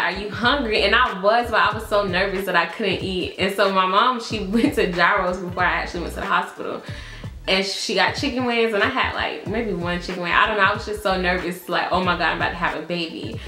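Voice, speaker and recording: A woman's voice: mid-range voice, pushed and bright, reverberant. A woman, telling a casual storytime as a vlogger, chatty and laughing, full of "like" and "y'all". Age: early 20s.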